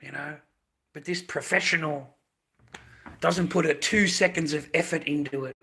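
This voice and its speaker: A man rants on a live stream in a gravelly, husky voice with a tense, sharp edge. He is agitated, circles back to the same phrases, stammers and swears as he talks. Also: fairly high pitch, steady tone, moderate pace. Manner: agitated, repeats phrases, swears, stumbles over words. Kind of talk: emotional livestream rant.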